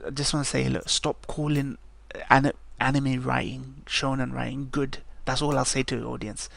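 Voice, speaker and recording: Male guest with a gravelly, blunt, opinionated delivery and casual swearing. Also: medium pitch, flat delivery, moderate pace, a bit bright. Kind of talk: casual chat.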